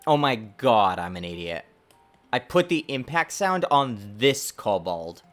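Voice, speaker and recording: Lively self-mocking man streaming game dev. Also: medium pitch, a little slow, faint music behind. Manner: lively, self-mocking, talks to himself while working. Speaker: indie game developer streaming. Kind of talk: casual livestream dev commentary.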